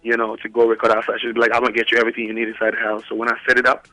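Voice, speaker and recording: A man talks quickly on a dry, close recording as a musician calling in to a radio interview. His tone is bright, his pitch stays level, and his delivery is laid-back and casual. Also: completely flat delivery, no room sound, faint music behind, rough recording. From Nigeria. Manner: laid-back, peppers talk with "you know what I'm saying".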